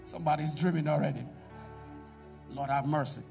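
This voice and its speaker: High-voiced pastor preaching. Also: male voice, fairly even intonation, fairly quick, creaky, distant mic, faint music behind. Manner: preaching with call-and-response to the congregation; swings between loud exhortation and quiet asides. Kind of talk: sermon. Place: church.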